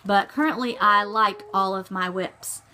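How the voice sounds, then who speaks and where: Middle-aged woman, home vlogger, bright voice, chatty and meandering, corrects herself as she goes. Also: mid-range voice, unhurried. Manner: chatty, rambling, self-correcting. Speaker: cross-stitch vlogger. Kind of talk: casual chat.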